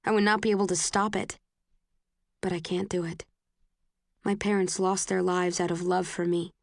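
A woman reading a novel aloud in the first person, earnest and emotional, voicing the heroine's outbursts with sharp rises. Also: on the low side, little pitch movement, normal speed, no room sound, clean studio sound. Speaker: audiobook narrator.

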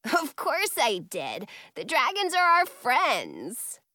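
A woman's voice: sits high, wildly swooping pitch, takes it slowly, bright, forceful tone, dry recording, clean studio sound, exaggerated voice. A teasing mischievous boy, as a woman puts him on. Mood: amused. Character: mischievous playful boy who teases.

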